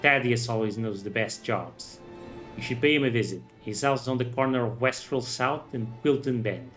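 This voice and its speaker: A man voicing a gruff, slangy male thief with a rough streetwise way of talking, over faint music. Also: medium pitch, moderate pace, a bit bright, lightly acted. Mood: sly.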